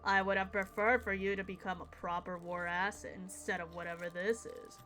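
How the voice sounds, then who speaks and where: A woman reading a remorseful artificial being's game dialogue aloud, in a measured, formal and subdued way. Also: medium pitch, flat delivery, a bit bright, faint music behind, voice pushed down, close to an everyday voice.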